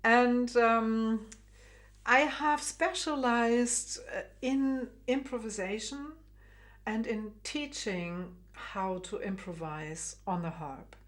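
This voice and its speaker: A woman from Germany with a German accent, a harp teacher giving a gentle video lesson with many pauses and fillers. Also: fairly high pitch. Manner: gentle, unhurried, many ums, laughs lightly. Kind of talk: video lesson with guided relaxation.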